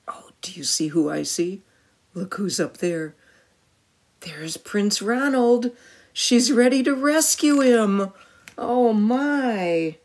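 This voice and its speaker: Woman, picture-book read-aloud, animated, lively pitch, unhurried pace, asks listener questions. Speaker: storyteller reading to a child.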